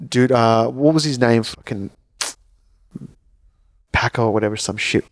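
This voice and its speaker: A man's voice: mid-range voice, a little slow, no room sound, clean studio sound. An Australian man in his thirties, co-hosting a podcast in casual, crude, joking chat full of fillers. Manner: crude, laughing banter with many fillers. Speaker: podcast co-host.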